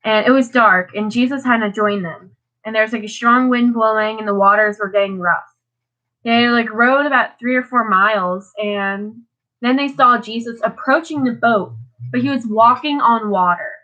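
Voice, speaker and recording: A woman's voice: fairly high pitch, moderate pace, bright, forceful tone. A tired teenage girl on a live stream, reading Bible passages and chatting about them casually, full of "like"s and restarts. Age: teens. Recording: dull lo-fi audio.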